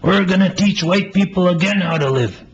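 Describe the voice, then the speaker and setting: A man's voice: sits high, normal speed, pitched above the performer's own voice, lightly acted. A man reading as an eager, boastful grown man. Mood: lecturing. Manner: eager, insistent, lecturing a friend. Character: excited grown man boasting about his people. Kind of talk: author reading his own play aloud. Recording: slightly muffled with faint hiss.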